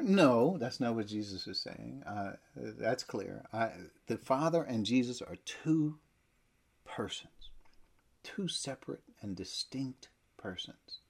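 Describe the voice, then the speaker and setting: A man preaching a sermon, emphatic, with loud stresses that drop to near-whispers. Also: fairly low pitch, lively intonation, unhurried, slightly rough.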